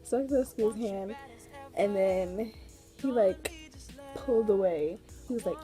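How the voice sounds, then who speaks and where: A woman's voice: medium pitch, unhurried, pauses often, over music. A young woman telling a story on her vlog in a rambling, chatty way, full of fillers and giggles. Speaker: vlogger. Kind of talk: casual storytime chat.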